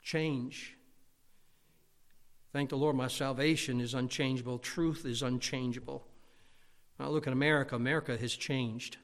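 A man preaching a sermon as pastor, emphatic, his loudness rising and falling. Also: mid-range voice, steady tone, normal speed, pauses often. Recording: long hall reverb.

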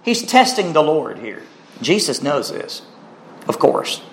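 A man's voice: on the high side, very animated, measured pace, slight background noise. Man preaching an emphatic sermon. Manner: emphatic preaching with rising, pressing questions. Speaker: pastor.

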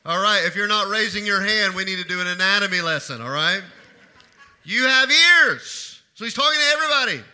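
A middle-aged pastor preaches a sermon in a high-pitched, animated voice that sounds pushed and bright. He asks the congregation questions, pauses for their answers, and repeats key phrases for emphasis.

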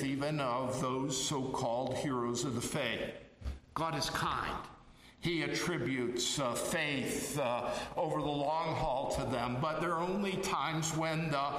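A man preaching a sermon as pastor, with slow, measured delivery and frequent hesitant pauses. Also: fairly high pitch, fairly bright tone, a little hiss or hum. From Chicago area. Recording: echoey hall, voice from far off.

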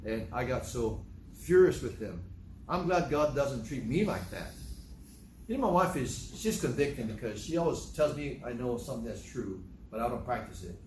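An older man preaching a sermon in a conversational, storytelling way, acting out dialogue with sudden jumps in pitch. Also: sing-song, moderate pace, a little mellow, a little hiss or hum. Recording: echoey room.

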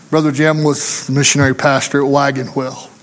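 A man's voice: mid-range voice, flat delivery, measured pace, long reverb tail. A man preaching a sermon, telling a folksy story and acting out the voices of the people in it. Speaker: pastor.

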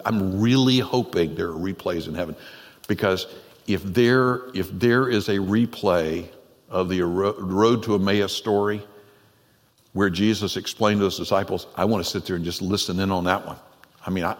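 A man pastor preaching a conversational, animated sermon in a church, with frequent laughs. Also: low-pitched. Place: church sanctuary. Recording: long reverb in a church hall.

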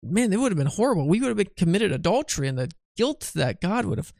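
A man's voice: high-pitched, sing-song, fast, vocal fry, darkish tone, no echo, clean studio sound. A tired, yawning man teaching a Bible study in a chatty way, often asking "right?" and restarting his phrases.

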